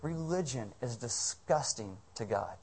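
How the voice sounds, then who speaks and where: A man's voice: mid-range voice, expressive, unhurried, darkish tone, husky. A man preaching a sermon as pastor, conversational and joking, firing off rhetorical questions.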